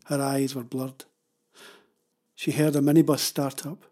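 A man reading a children's story aloud in a steady, dramatic way. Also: mid-range voice, a little slow. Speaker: narrator.

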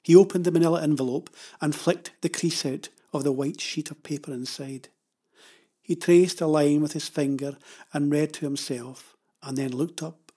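A man narrating a children's novel in a measured, even storytelling manner. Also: fairly high pitch, husky. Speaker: audiobook narrator.

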